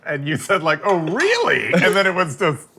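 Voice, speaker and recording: A man's voice: on the high side, huge pitch swings, normal speed, bright, forceful tone, husky. A man, a guest on a casual chat show, rambling through a story with restarts and laughter. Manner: rambling, restarts often, laughs while telling. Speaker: guest, former assistant.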